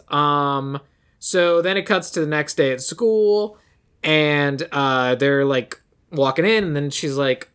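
A man's voice: on the high side, animated, fairly bright tone, clean tone. A man co-hosting a podcast, recapping a movie in casual chat and briefly mimicking the characters. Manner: rambling recap, quick voices for characters. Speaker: podcast co-host.

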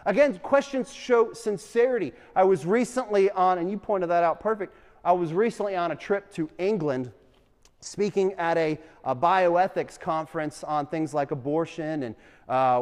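A young adult man teaching a class, an animated storyteller who keeps asking the room questions. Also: fairly high pitch, moderate pace. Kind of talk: lively classroom talk with questions to students. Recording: long reverb in a hall.

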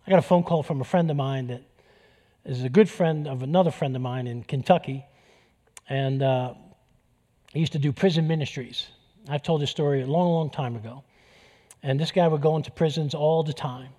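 A male pastor preaching a sermon, telling stories with lively acted-out dialogue. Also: a little high, moderate pace, big-room sound. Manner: animated storytelling, acting out dialogue.

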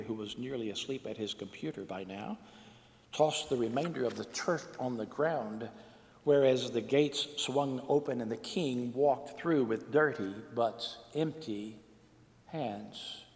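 A man tells a folk tale with expressive swells and dramatic pauses, his voice at a middling pitch. A long hall reverb hangs behind every line. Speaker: storyteller.

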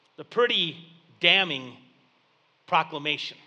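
High bright-voiced male pastor preaching. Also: normal speed, long pauses. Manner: storytelling, conversational and animated. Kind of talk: sermon. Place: church basement.

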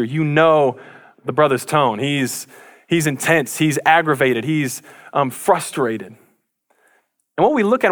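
Man, pastor, casual sermon, joking asides, somewhat high voice. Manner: conversational, jokey, animated impressions.

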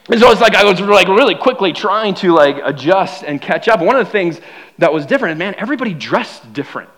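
A young man preaching a sermon, casual and animated, acting out quotes as he tells stories. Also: high voice, fast. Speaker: pastor.

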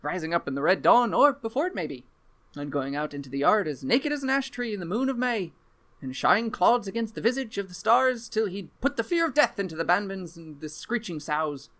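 A young Irish country lad tells his tale in a high, rolling brogue, as a man puts on the accent. His reading is dramatic and theatrical, with every phrase drawn out. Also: very animated, brisk, a bit bright. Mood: boastful. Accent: put-on Irish. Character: young rural Irish man boasting of his brutal father.

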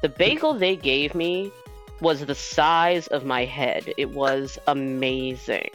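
A podcast host in casual chat, excitable, with quick asides. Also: mid-range voice, soft background music.

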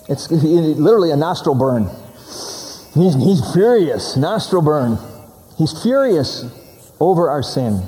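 A man's voice: on the high side, mellow, big-room sound. A man preaching a sermon, stressing and repeating key words as he teaches from scripture.

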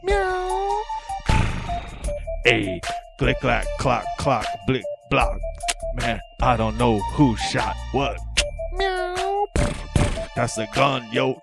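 A man's voice: mid-range voice, huge pitch swings, drawn-out words, vocal fry, long pauses, loud music behind the voice, heavily acted. A man voicing a swaggering male rapper with a pet cat, rambling boastfully and throwing in meows. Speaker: podcast co-host. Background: loud hip hop beat.

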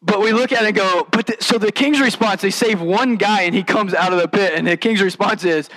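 A male pastor delivers a sermon in a loose, conversational way, with lively asides. His voice sits slightly high for a man. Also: brisk, few pauses, rough recording. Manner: conversational, animated preaching with casual asides.

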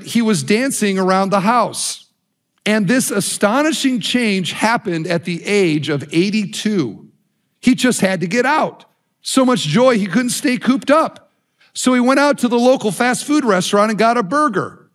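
Male pastor, high voice, animated sermon storytelling and urging. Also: normal speed.

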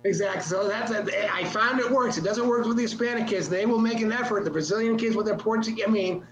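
Man, high voice, rambling comedic storyteller, roomy echo, faint hum. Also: fast, a crowd in the background. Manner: rambling storyteller with frequent restarts. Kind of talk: casual comedic chat. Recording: echoey room with faint hum.

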